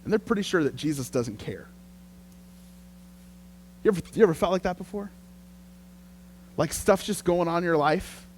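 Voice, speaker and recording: A man preaching a sermon as pastor, telling the story in a lively, conversational way. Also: fairly high pitch, slight background noise.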